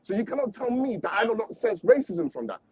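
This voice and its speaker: A man's voice: extremely high pitch, wildly swooping pitch, fairly quick, vocal fry, a crowd in the background, poor audio. A man on a panel stream, arguing heatedly and repeating himself. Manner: impassioned, repetitive, confrontational. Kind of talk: heated debate.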